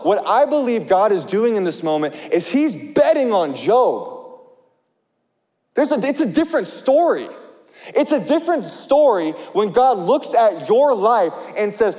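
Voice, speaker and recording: High-voiced pastor preaching in a hall. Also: male voice, moderate pace. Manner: animated, conversational preaching with asides to the congregation. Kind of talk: sermon. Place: large church hall. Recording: live sermon in a reverberant hall.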